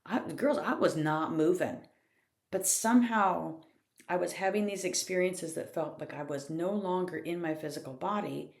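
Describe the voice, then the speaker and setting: Speaking at a moderate pace in a fairly low voice with vocal fry, a woman hosting a podcast reflects on her personal story in a monologue. Her tone is candid and casual, with frequent laughter and mild swearing.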